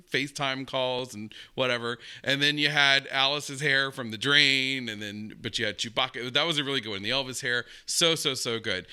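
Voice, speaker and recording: Casting: American male reaction host, very bright tone, chatty and upbeat. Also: mid-range voice, clear, resonant tone. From United States. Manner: enthusiastic, chatty, many fillers. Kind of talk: casual reaction commentary.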